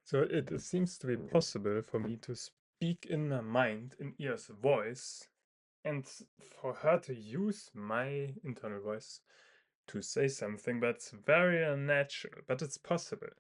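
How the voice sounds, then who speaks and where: A man's voice: medium pitch, animated, unhurried. A man thinking aloud in a casual monologue, hesitant and full of fillers and restarts. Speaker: video creator.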